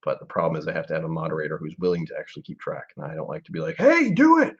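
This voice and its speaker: A man in his forties with a low, husky voice chats casually on a live stream, thinking out loud and drifting into trailing asides. The stream audio is dull and lo-fi. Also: monotone, very fast. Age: 40s. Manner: musing aloud, rambling with trailing asides. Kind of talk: casual live-stream whiskey tasting chat.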